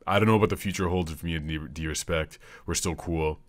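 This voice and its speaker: A man's voice: deep voice, steady tone, brisk. A man hosting a comedy podcast, rambling through a profane, jokey monologue. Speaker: podcast host.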